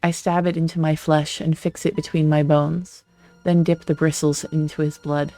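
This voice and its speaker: Flat, gravelly game reader. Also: medium pitch, moderate pace, no echo, faint music behind. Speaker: let's play streamer. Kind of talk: reading a visual novel aloud with asides.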